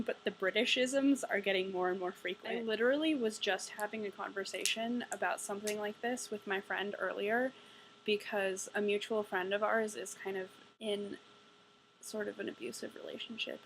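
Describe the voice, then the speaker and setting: A woman's voice: mid-range voice, a little hiss or hum, rough recording. A young woman giving a casual ranting book review, exasperated, sarcastic and profane. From United States.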